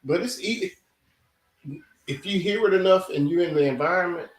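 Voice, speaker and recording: A laid-back man chimes in with short, easygoing replies during a casual chat. His voice is slightly high. He sits away from the mic in an echoey room. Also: normal speed, recorded from a distance.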